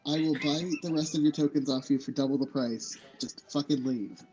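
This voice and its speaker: A man's voice: a little high, steady tone, moderate pace, lo-fi sound, music in the background. A man playing a tabletop game who talks bluntly and sarcastically, swearing as he goes. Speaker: player.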